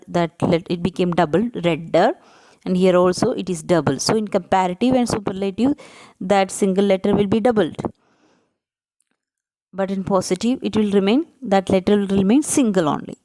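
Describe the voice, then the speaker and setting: A woman's voice: medium pitch, mellow. Woman teacher going over grammar rules step by step, spells out letters, keeps asking right?. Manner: explains step by step, often checks with "right?"; spells out letters and breaks words into syllables slowly. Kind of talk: grammar lesson for children.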